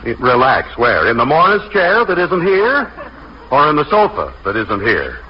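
Wisecracking stressed-out husband, lively voice, old muffled radio comedy. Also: male voice, mid-range voice. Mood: wry. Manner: wry, quick wisecracks. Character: wisecracking harried young husband. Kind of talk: 1940s radio comedy acting. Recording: old radio broadcast recording, dull with faint hiss.

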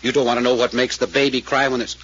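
An actor playing a brisk detective questioning witnesses, in 1940s radio style. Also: male voice, medium pitch, level tone, fairly bright tone, breathy edge. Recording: muffled old radio recording with hiss.

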